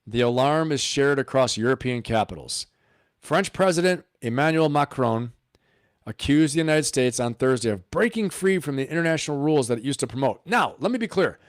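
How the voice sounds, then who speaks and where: A man's voice: medium pitch, expressive, a little fast, no echo, clean studio sound. A man hosting a live stream of political commentary, emphatic and riffing, firing off rhetorical questions.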